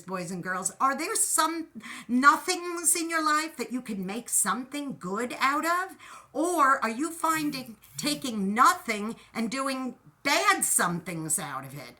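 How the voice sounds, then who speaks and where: A woman host giving an animated, encouraging talk, telling stories and playfully acting out quotes. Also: fairly high pitch. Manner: animated, storytelling with playful voices. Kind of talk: inspirational talk.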